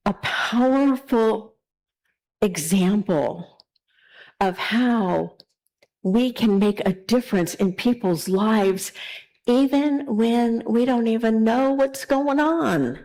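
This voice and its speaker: A woman minister giving a sermon in a conversational, animated storytelling way. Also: a little high, takes it slowly, pauses often, poor audio.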